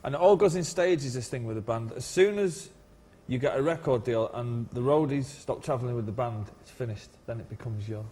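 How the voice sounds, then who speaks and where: A man's voice: mid-range voice, fairly quick, hardly any pauses, dark tone, in a large hall. A man being interviewed as a musician, chatting casually, rambling and repeating words and laughing as he tells his stories. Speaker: musician guest.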